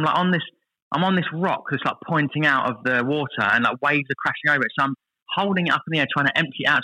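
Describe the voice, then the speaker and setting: A man in his thirties telling lively stories as a podcast guest, acting out what others said. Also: medium pitch, rough recording. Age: 30s. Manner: lively anecdotal storytelling, voices others in quotes. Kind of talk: casual podcast chat.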